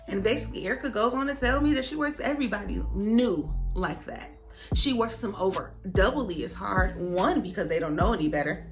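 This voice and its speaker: A young woman vlogger telling a story in a casual, animated way, acting out the other people's lines. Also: medium pitch, brisk, music in the background. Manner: animated, dramatic retelling with voices for others.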